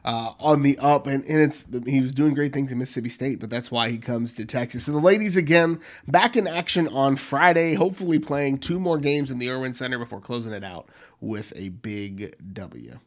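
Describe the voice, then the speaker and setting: A man co-hosting a sports podcast, giving steady, upbeat commentary in a casual way. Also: mid-range voice, moderate pace. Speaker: podcast co-host.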